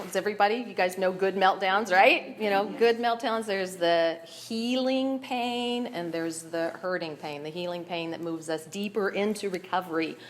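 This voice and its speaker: A woman's voice: fairly low pitch, a little hiss or hum. A woman giving a personal share at a recovery meeting, nervous and emotional, often breaking into laughter as she speaks candidly.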